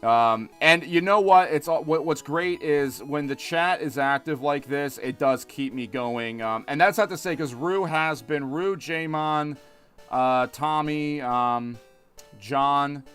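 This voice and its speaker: A man's voice: a little high, slow pace, a bit bright, clear, resonant tone, soft background music. A man in his thirties streaming a game, chatting in a loose, rambling way full of restarts. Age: 30s. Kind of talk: casual let's-play chat.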